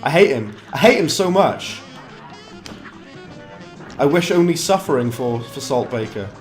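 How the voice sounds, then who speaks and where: A British man giving chatty live commentary while streaming a game, mocking himself and breaking into quick bursts of frustration. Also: mid-range voice, expressive, faint music behind.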